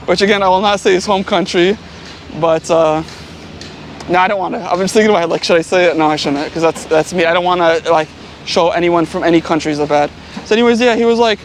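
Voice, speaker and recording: A travel vlogger walking down a city street tells stories casually in a high-pitched voice at a quick pace, rambling and leaning heavily on fillers like "like" and "you know." The audio has a little hiss or hum.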